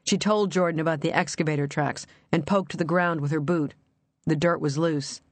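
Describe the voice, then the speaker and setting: A woman narrating an audiobook in a measured, even reading. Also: low voice, dry recording.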